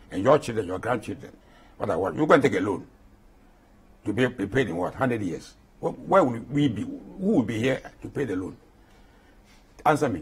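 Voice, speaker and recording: Husky old ghanaian guy in his 80s, voice rises and falls a lot, keeps repeating himself. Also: mid-range voice. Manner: impassioned, repeats himself for emphasis. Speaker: guest. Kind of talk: interview.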